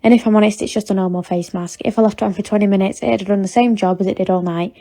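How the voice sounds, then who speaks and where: A woman's voice: mid-range voice, rapid-fire. A woman giving a casual, unimpressed review of a product in a short clip. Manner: flat, unimpressed.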